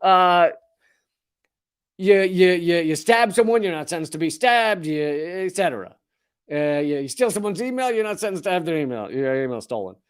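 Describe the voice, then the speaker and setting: A man's voice: high voice, lively intonation, normal speed, smooth. A man with a Southern US accent giving a sarcastic, profane comedic commentary monologue. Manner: sarcastic, profane, chuckles at own jokes.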